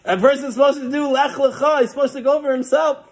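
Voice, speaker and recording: A man giving a sermon as a rabbi, telling stories and acting out the quoted lines. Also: fast. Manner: storytelling with lively acted quotes and frequent rises in pitch.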